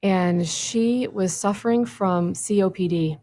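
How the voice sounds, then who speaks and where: A woman's voice: mid-range voice, measured pace, mellow, a little hiss or hum. A woman who is a clinic guest on a radio talk show, telling a patient's story in a friendly, anecdotal way. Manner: friendly, anecdotal, with small restarts. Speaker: stem cell clinic guest. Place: radio studio. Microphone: studio microphone.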